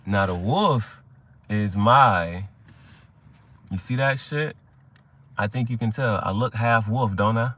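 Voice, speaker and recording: A man's voice: on the low side, slow, pauses often, fairly bright tone. A young adult man hosting a tarot reading chat, talking in a rambling, profane way and telling stories with quoted voices. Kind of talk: casual livestream chat.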